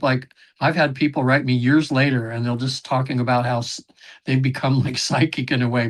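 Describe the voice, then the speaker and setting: Rambling man telling session stories. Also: mid-range voice. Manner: rambling, frequent fillers and throat clearing, acts out quotes. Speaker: podcast guest, regression session facilitator. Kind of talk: casual interview storytelling.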